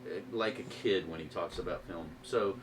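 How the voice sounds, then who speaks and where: Man from arkansas, casual podcast chat, lowish voice, a bit far from the mic with faint hiss. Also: moderate pace. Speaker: actor, podcast guest.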